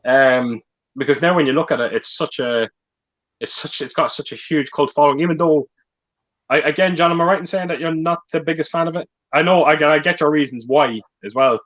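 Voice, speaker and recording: A man's voice: a little high, a little fast, fairly bright tone, lo-fi sound. A man hosting a live stream, reading out viewer comments and chatting hesitantly with fillers. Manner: hesitant, many fillers, friendly.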